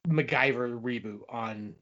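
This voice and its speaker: A man's voice: mid-range voice, measured pace, fairly bright tone, highs cut off. A man co-hosting a podcast, chatting casually about a film in a rambling way, restarting sentences as he goes. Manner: rambling, with frequent restarts and hedging fillers. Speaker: podcast co-host reviewing movies. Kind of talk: casual chat.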